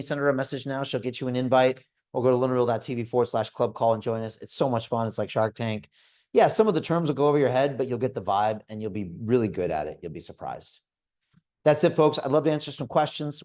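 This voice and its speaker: On a live video call, the fifty-something host sells hard and persuasively, telling stories with energetic flair.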